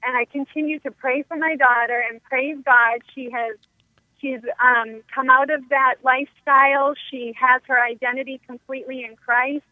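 A woman calling in to a radio show by telephone, speaking gratefully and softly with many ums. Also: high-pitched, steady tone, moderate pace, dry recording. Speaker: caller. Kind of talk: phone-in call to a radio show. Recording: tinny phone line.

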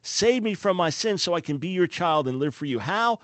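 A man's voice: high-pitched, lively intonation, moderate pace, a bit bright, no room sound. A man hosting a radio talk show, teaching the Bible emphatically and asking listeners rhetorical questions.

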